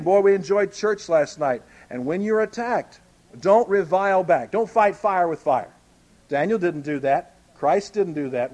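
A man preaching a sermon, explaining a Bible story in a folksy, conversational way. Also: on the high side.

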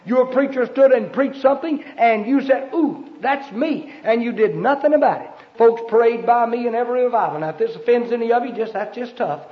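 A man preaching a sermon, emphatic and fervent, breaking into sudden shouts. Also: very high-pitched, brisk, hardly any pauses. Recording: dull lo-fi sermon recording.

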